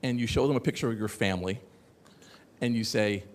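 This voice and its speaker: A man giving a lively conference talk, sarcastic and animated, rambling with asides to the audience. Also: medium pitch, fairly quick. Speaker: conference speaker. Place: conference hall. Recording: echoey hall.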